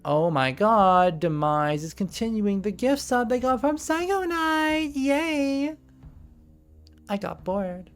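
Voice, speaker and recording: A man's voice: high-pitched, animated, takes it slowly, clear, resonant tone, faint music behind. A man running a live tabletop game as game master, talking in a put-on Valley Girl voice, bubbly and sarcastic with casual swearing.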